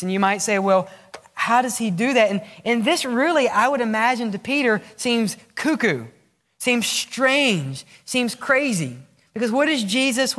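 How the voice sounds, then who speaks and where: A man's voice: high voice, fairly bright tone. A male pastor preaching a sermon. He asks the congregation questions, answers them himself, and acts out short prayers and replies. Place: church sanctuary. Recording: echoey church sanctuary with long reverb.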